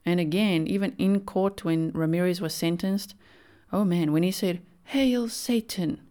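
Young woman chatting on her podcast, lowish mellow smooth voice, says like a lot. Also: steady tone, moderate pace. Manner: chatty, opinionated, many "like" fillers. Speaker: podcast host. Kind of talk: casual solo commentary.

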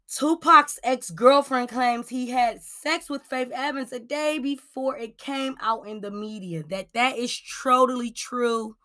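A woman from Cleveland, Ohio runs a celebrity gossip podcast in a voice on the high side, speaking at a measured pace with hardly any pauses. Her chatty, casual manner is loaded with "like" and "um" and animated asides.

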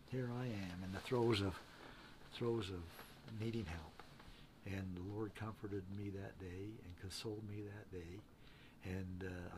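A man with a somewhat low voice tells a personal story in an easy conversational way. He is plainspoken and earnest, and he often stumbles, repeating and restarting words as he goes. A faint hiss runs under the recording. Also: a little mellow. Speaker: interview guest. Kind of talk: casual spoken storytelling.

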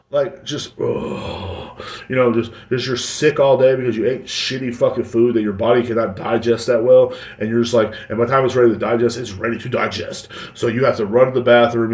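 A podcast host rambles and jokes through a casual solo show, swearing plenty along the way. His mid-range voice is a little mellow, and the recording sounds roomy and echoey.

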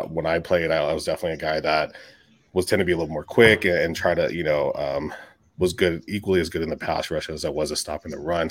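Deep-voiced man in casual sports chat. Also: no echo. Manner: rambling, restarts, swears casually. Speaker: podcast co-host.

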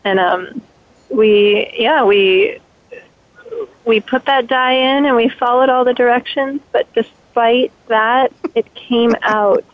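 A woman's voice: fairly high pitch, slow, no room sound. A woman calling in to a radio show, telling a story in a chatty, rambling way. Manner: rambling, chatty, with fillers and laughs. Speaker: caller, the host's daughter. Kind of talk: casual chat on a phone-in. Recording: tinny phone line.

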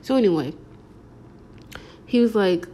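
A woman's voice: mid-range voice, expressive, unhurried, warm tone, slight background noise. A young adult woman telling a casual storytime, rambling along with slangy filler words. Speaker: vlogger.

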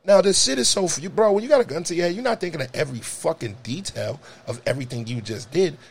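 A young adult man telling a story in casual talk, animated and profane, jumping to high shouts. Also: fast, creaky, slight background noise. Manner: animated, profane, jumps to high shouts when acting out scenes.

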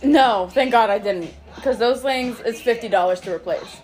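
Animated young woman telling a story. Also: on the high side, normal speed. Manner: swearing, animated storytelling with laughs. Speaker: podcast host. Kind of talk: casual chat.

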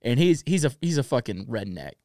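A man's voice: medium pitch, sing-song, fairly quick, dark tone, no echo, clean studio sound. A young man with a Mississippi Southern accent hosting a casual, crude, joking podcast chat. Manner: laid-back, crude, joking. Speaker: podcast host.

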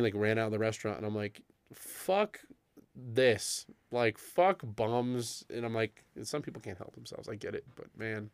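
A man's voice: lowish voice, darkish tone, clear, resonant tone, dry recording. A young man co-hosting a casual chat show, telling a story and acting out the quoted lines of the people in it. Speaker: podcast co-host.

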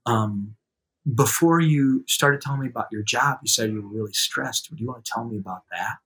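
A man with an average-pitched voice tells a personal story in a casual, chatty way. He acts out what people said with a raised, livelier voice and laughs easily. In serious moments he drops to a soft, quiet voice. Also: normal speed. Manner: lively anecdotal telling, acts out quotes in a raised voice. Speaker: guest telling a story.

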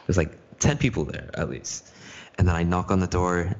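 A man's voice: deep voice, normal speed, highs cut off. A teenage boy hosting a podcast, telling stories in casual chat and swearing freely. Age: teens. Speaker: podcast host.

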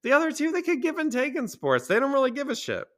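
A man's voice: very high-pitched, huge pitch swings, fast talker, fairly bright tone. A man hosting a casual solo podcast, rambling and sarcastic, swearing freely. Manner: profane, rambling and sarcastic, with mocking put-on voices. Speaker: podcast host.

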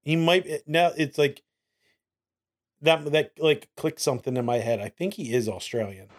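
A man co-hosting a casual podcast, animated, often repeating lines for laughs. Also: fairly high pitch, normal speed. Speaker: podcast co-host.

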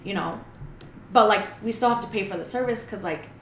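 A young woman, telling stories in a loud, animated way and mixing English and Spanish in casual chat. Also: medium pitch, a little fast, roomy sound, a little hiss or hum, low-quality recording.

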